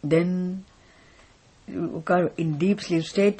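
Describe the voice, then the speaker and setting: Husky philosophy teacher. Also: medium pitch, expressive. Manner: deliberate, repeatedly checks understanding. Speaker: spiritual teacher. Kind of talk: philosophy lecture.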